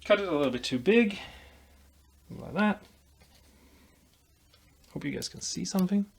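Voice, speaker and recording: A man's voice: sits high, lively intonation, measured pace, creaky, breathy edge. A man vlogging as he builds a guitar, explaining while he works, rambling and making self-deprecating jokes. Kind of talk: casual workshop tutorial chat.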